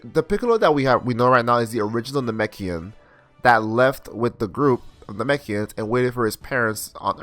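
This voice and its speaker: A man's voice: mid-range voice, a bit bright. A young man recapping and reviewing an anime episode in a casual, rambling way, full of slang and restarts.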